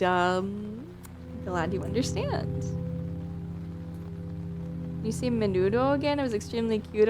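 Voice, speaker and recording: A woman livestreamer with a Midwestern American accent chats loosely with her viewers. She giggles often and pads her talk with "like" and "um," and soft music plays faintly behind her. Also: mid-range voice. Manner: giggly, lots of "like" and "um" fillers. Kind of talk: casual chat answering viewers.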